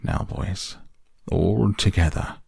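A man voicing a stern male badger who leads his friends with low, hushed commands. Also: fairly even intonation, slow, creaky, husky, no room sound, studio quality, full character voice.

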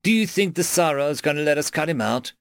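A man voicing an unflappable woman doctor who speaks calmly and matter-of-factly. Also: on the high side, fast talker, smooth, no room sound. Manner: calm, matter-of-fact.

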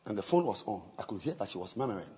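A man's voice: on the low side, rapid-fire, slightly rough. A man preaching as a bishop, telling stories animatedly and acting out dialogue with many repetitions. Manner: animated, acts out dialogue, repeats words. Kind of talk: sermon storytelling.

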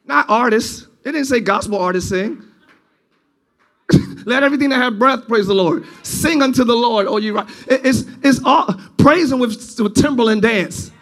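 A pastor preaching a sermon to his church, moving between loud, drawn-out shouted lines and quiet, close, conversational stretches. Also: extremely high pitch. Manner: preaching, swings from shouting to quiet intimate talk.

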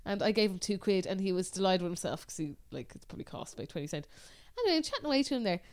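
Irish woman, casual podcast co-host, smooth clear voice, chatty and sweary storyteller. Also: medium pitch, sing-song, racing. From Ireland. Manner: chatty storyteller, swears freely, laughs often. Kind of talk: casual chat.

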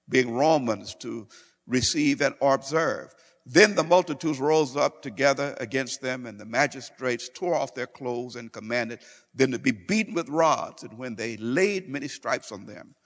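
A man's voice: medium pitch, fairly bright tone. Male pastor, mid-range voice, reads scripture and preaches it, reverberant hall. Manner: reads scripture then explains it, building to fervent preaching. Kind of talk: sermon.

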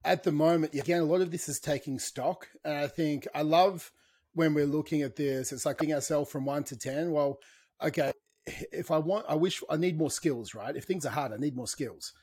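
A man's voice: fairly high pitch, normal speed, a little mellow, breathy edge. A man co-hosting a podcast, talking in an emphatic, preachy way and repeating phrases for emphasis. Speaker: podcast co-host. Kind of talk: motivational podcast chat.

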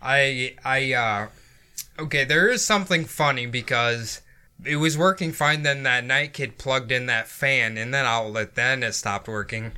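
A man's voice: mid-range voice, a little slow, sharp tone, clean tone. A man co-hosting a podcast, chatting casually and explaining himself in a rambling, defensive way. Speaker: podcast co-host. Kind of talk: casual banter.

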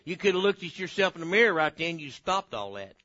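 A man preaching a folksy sermon, swinging between loud bursts and hushed asides. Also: fairly high pitch, big pitch swings, quick pace, muffled recording.

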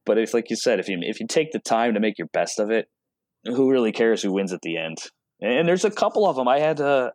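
A man's voice: medium pitch, no room sound. A man telling stories in a casual interview, acting out quotes from people he talks about. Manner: chatty storyteller, acts out quotes. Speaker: automotive product rep and guest.

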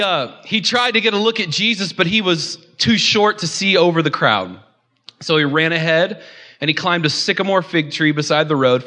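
A man's voice: fairly high pitch, sharp tone. A young man preaching a conversational sermon, joking and calling out to his congregation. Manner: joking, chatty, audience call-outs. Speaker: pastor.

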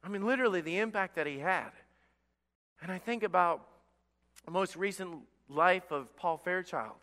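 A man's voice: sits high, normal speed, pushed and bright, long reverb tail. A man preaching a sermon as pastor, impassioned and often repeating himself in stammered restarts.

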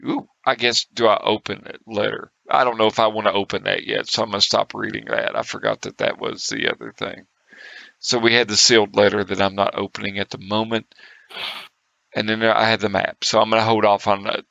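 Gravelly, bright-voiced man at play. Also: fairly low pitch, steady tone, moderate pace, no room sound, muffled recording. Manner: chatty, laughs often, trails off mid-sentence. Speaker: player. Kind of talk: tabletop game play over voice chat.

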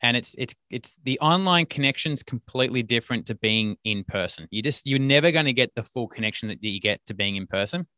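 A man's voice: medium pitch, expressive, a little fast, few pauses, sharp tone, dry recording. A man hosting a podcast, telling a rambling business story full of fillers and restarts. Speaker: podcast host and business coach. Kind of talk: casual storytelling monologue.

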